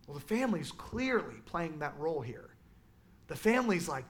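A man teaching a Sunday school class in a casual, animated way, with lots of fillers. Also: fairly high pitch, normal speed. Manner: animated, conversational, many fillers. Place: church classroom.

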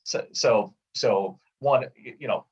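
A man, a theology professor, explaining ideas in a lecturing way with clear examples during a conversation. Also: medium pitch, slow, darkish tone, far from the mic, highs cut off.

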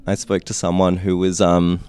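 A man with a very low voice speaks in a reflective, hesitant way. He shares stories in casual podcast chat. The sound is dry and close. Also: monotone, normal speed, a little mellow, smooth, no room sound. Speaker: podcast co-host.

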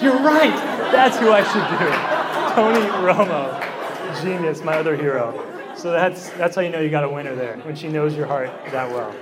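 A man in his thirties giving a casual teaching talk at a prayer meeting, chatty and joking as he tells family stories. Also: a little high. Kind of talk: casual storytelling then teaching.

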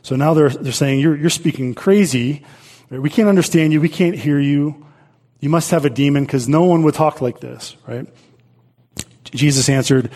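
A man's voice: a little high, normal speed, darkish tone. A male pastor preaching a sermon and reading scripture aloud, earnest, with frequent repeats and restarts.

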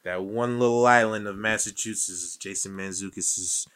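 A man's voice: on the low side, fairly even intonation, fairly bright tone, clear, resonant tone. A man co-hosting a podcast in casual, joking chat, swearing freely as he trades quips. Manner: joking, profane, quick back-and-forth. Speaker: podcast co-host.

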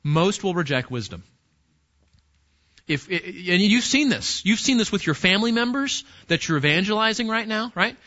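Animated preaching man, high bright voice. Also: normal speed. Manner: animated preaching, addresses listeners as guys. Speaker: pastor. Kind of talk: sermon. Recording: dull lo-fi recording.

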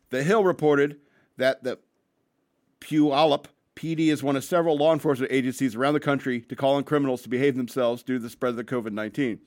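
A man's voice: medium pitch, fairly even intonation, quick pace, darkish tone. A man hosting a show, ranting bluntly with crude language and reading news stories, a bit tipsy after some beers. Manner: blunt, crude, rambling with restarts. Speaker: podcast host.

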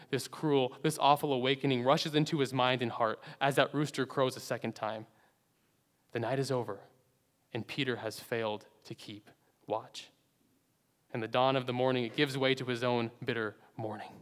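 A man preaching a sermon in an earnest, dramatic way, rising to loud emphasis and then dropping to hushed low endings. His voice sits at a middle pitch and rings out with a long reverb, as in a large church sanctuary. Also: fairly even intonation, moderate pace.

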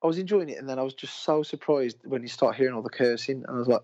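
A man co-hosting a casual film podcast talks fast with few pauses in an animated, fairly high, slightly mellow voice. He rambles with enthusiasm and frequently cuts himself off, all on a dull lo-fi recording.

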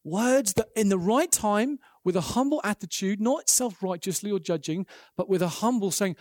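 A man preaching a sermon, earnest and animated, acting out the quotes in his stories. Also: high-pitched, moderate pace, dry recording, studio quality.

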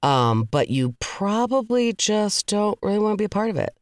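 A woman co-hosts a casual podcast chat and tells her stories with lively animation. She laughs often and drops the odd swear word. The recording is close and completely dry. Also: medium pitch, moderate pace, no room sound. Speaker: podcast co-host.

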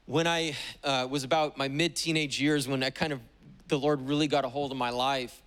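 A man's voice: medium pitch, steady tone, moderate pace, a bit bright, clean tone. A man pastor delivering a sermon at a church service, emphatic and declarative, with repeated exhortations. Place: church sanctuary during a service.

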